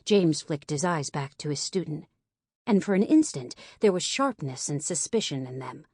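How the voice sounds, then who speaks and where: A woman reads fiction aloud as an audiobook narrator, even and clear. Her voice sits low for a woman, and the sound is dry and close. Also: moderate pace, no echo. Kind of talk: scripted narration.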